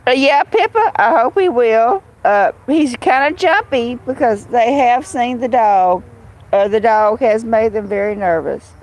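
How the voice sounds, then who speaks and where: A woman's voice: on the high side, expressive, a little slow, a little mellow, rough recording. A woman hosting a casual live stream, chatting bluntly and rambling while answering viewers' comments. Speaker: live-stream host reading chat.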